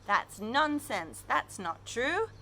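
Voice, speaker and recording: A woman's voice: a little high, very animated, slow, bright, forceful tone, full character voice. A woman voicing a secretive, teasing little bunny rabbit in a read-aloud storybook. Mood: playful.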